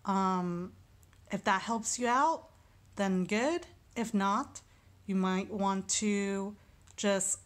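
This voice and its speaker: Female teacher, unhurried and deliberate, mid-pitched, talks through a lesson step by step. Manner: slow and deliberate, sounding out syllables. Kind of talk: recorded lesson walkthrough.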